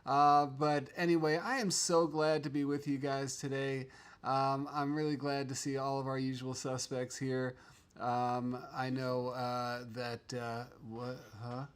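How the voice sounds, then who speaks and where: A man's voice: mid-range voice, flat delivery, unhurried, clear, resonant tone. A man hosting a casual livestream from a home studio, chatting loosely, trailing off and restarting his sentences. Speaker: livestream host.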